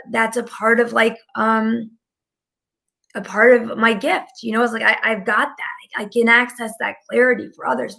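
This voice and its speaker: A woman with a slightly high, fairly bright voice and vocal fry gives a casual live-stream talk as a spiritual channeler. She's chatty and rambling, filling her speech with "like".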